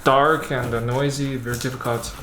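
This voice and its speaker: In a roomy, echoey space with some background noise, a man chats haltingly through a casual camera-gear unboxing, thinking aloud while handling the lens. His voice is mid-range and level in tone.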